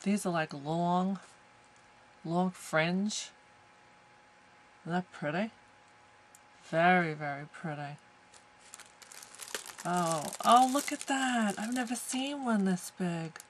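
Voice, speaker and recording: American lady unboxing craft stuff, slow and gushy, kinda low voice, faint hiss behind. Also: expressive, poor audio. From United States. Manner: gushing, exclamatory. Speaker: crafting vlogger. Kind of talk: casual unboxing chat.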